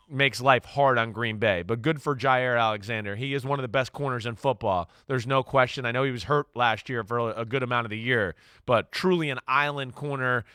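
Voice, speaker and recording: Rambling, bright-voiced man talking football. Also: medium pitch, no echo, clean studio sound. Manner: rambling, many restarts and fillers, enthusiastic. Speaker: sports analyst. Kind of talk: casual sports analysis chat.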